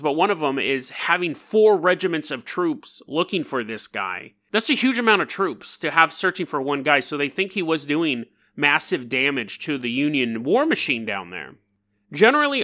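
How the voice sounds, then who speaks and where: A man hosting a casual storytelling podcast, talking in an animated, jokey and digressive way. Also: a little high. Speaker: podcast host.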